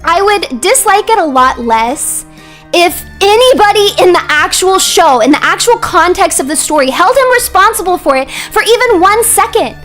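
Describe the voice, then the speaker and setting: A young woman streaming, ranting heatedly about characters in a casual way and sometimes rising to shouts. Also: very high-pitched, expressive, moderate pace, soft background music. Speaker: vtuber streamer.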